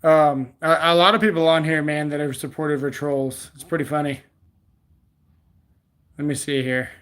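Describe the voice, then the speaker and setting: A man's voice: on the high side, little pitch movement, normal speed, a bit bright. Laid-back Bermudian man chatting on stream. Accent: Bermudian mixed with Texas country. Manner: reads viewer comments aloud and answers in a loose, joking way. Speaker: livestream host. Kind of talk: casual livestream chat.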